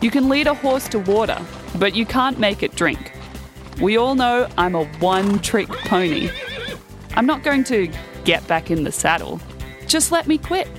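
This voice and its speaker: A woman's voice: medium pitch, expressive, normal speed, over music, close to an everyday voice. Woman voicing a spirited horse-mad girl. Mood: pleading. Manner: spirited, pleading.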